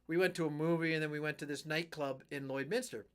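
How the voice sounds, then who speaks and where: A man's voice: on the high side, fast talker, smooth. A middle-aged man from western Canada telling a rambling story on his live stream, acting out what people said. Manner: rambling, animated storyteller who acts out quotes.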